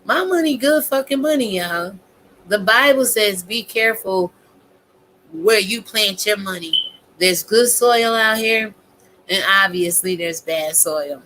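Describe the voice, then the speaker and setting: A woman giving a casual, profane, animated rant as a YouTube commentator, talking straight to her viewers. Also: medium pitch, a little slow, slight background noise.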